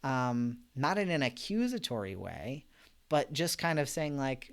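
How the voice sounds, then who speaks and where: A man leads a live-streamed Bible study in a casual, conversational way, gentle and reflective, reading out viewer comments with frequent fillers and soft laughs. His voice is a little high and sing-song, clear and resonant, and he speaks a little slowly.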